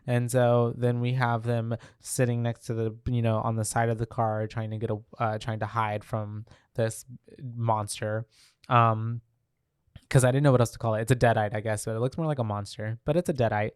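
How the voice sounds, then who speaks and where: Guy on a podcast going over a movie plot, swears a lot, smooth clear voice, dry sound. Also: medium pitch, level tone, normal speed, no room sound. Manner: loose, swears freely, lots of "um" and "like". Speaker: podcast co-host recapping a film. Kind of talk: casual chat.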